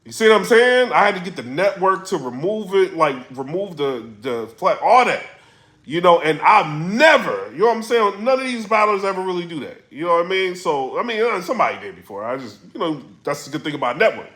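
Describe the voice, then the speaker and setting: A man blogging about the battle rap scene in a casual commentary vlog, telling stories in a slangy, animated way. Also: high voice, brisk, echoey room.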